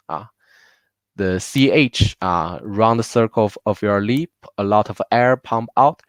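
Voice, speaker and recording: Teaching pronunciation in a live online class from home, a man whose first language is Mandarin speaks with a Chinese accent and repeats each word several times, slowly and patiently, for learners. His low, slow voice is smooth and clear. The close, dry recording has no room sound.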